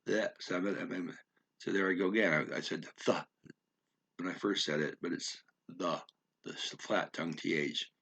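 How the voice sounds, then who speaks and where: A man explaining words of a story in an unscripted lesson, thinking aloud with many fillers and repeating words slowly to practice how they sound. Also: sits low, fairly even intonation, gravelly, fairly bright tone, breathy edge. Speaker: language learner explaining vocabulary.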